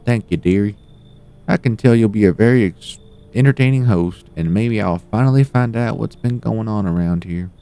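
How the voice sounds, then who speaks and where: A man doing a high, sweet old granny. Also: moderate pace, mellow, smooth, natural voice. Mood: sweetly rambling. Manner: sweet, folksy, calls everyone dearie. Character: elderly chatty grandmotherly woman, weary wanderer. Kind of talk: voicing game dialogue on a live stream.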